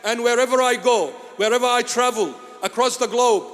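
A man from Iraq, a bishop giving an emphatic, deliberate sermon-style address that rises at times to shouting. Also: very high-pitched, in a large hall.

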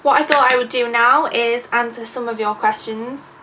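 A woman's voice: on the high side, fairly even intonation, moderate pace. A young English woman around twenty, answering viewer questions in a chatty, sarcastic vlog. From England. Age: 20s. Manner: chatty, sarcastic, self-deprecating. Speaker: YouTuber. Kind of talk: casual vlog Q&A. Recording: distant mic with background noise.

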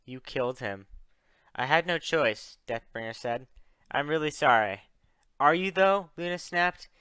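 A young man reads a dragon adventure story aloud with a bright, forceful edge to his voice. His delivery is crisp and smooth, recorded close and dry. He lifts his voice a little for the characters' lines. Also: medium pitch, expressive, a little slow, no room sound. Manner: reads all characters, voices raised for dialogue. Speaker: fan fiction narrator.

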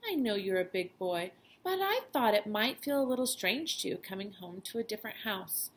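A woman's voice: lively intonation, moderate pace, close to an everyday voice. A woman voicing a tired, worried elderly grandmother who fusses over her grandson. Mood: gentle. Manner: fretful, high and anxious.

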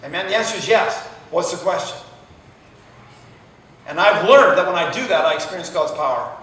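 A man's voice: high voice, moderate pace, a bit bright. Older male pastor preaching in an echoing hall. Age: 60s. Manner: storytelling, calling out "Amen?" to the congregation. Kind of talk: sermon. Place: large echoing convention hall. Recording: echoey hall from far off.

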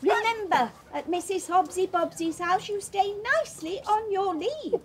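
A woman's voice: very high voice, animated, normal speed, slight background noise. An actress playing a prim, disapproving neighbour who scolds from her garden. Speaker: fussy neighbour. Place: outdoors in a garden.

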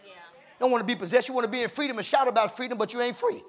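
A male pastor preaching a sermon in a church, calling out to the congregation, often shouting and repeating "my God" and "baby". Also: very high-pitched, rapid-fire. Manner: call-and-response preaching, rising to shouts. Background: congregation responding.

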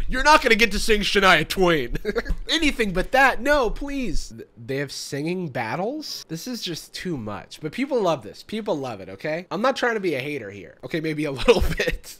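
A man's voice: sits high, a bit bright. A man hosting a comedic reaction commentary, sarcastic and mocking, laughing often. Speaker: YouTube host reacting to videos.

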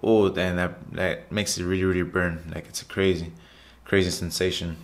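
Deep-voiced man doing a casual gym vlog. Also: flat delivery, moderate pace. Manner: loose, repetitive, chatty, says "guys" often. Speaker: fitness vlogger. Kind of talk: casual voiceover over workout footage.

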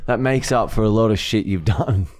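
A man's voice: on the low side, normal speed, darkish tone, slight background noise. An Australian man co-hosting a crude comedy podcast, laid-back, teasing and swearing. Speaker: podcast co-host.

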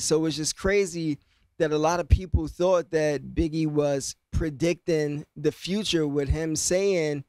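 A man's voice: on the high side, steady tone, unhurried, darkish tone, smooth, no echo. A man casually explaining rap lyrics, half-rapping the lines and then talking them through with lots of "you know what I mean.". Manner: loose, conversational, many fillers like "you know what I mean".

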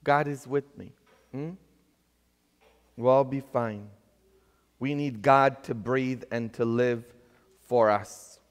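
Slow Polish-accented priest in church. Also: male voice, medium pitch, fairly even intonation. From Poland. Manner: earnest, asks the congregation questions. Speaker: pastor. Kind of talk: sermon. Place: large church. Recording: long church hall reverb.

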